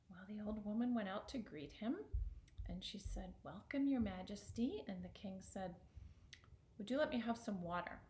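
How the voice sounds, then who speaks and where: A woman storyteller telling a folktale by heart, lively in delivery and slipping into hushed whispers at tense moments. Her pitch sits mid-range for a woman, and the echoey room leaves a roomy ring on her voice. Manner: expressive, dips into whispers for suspense.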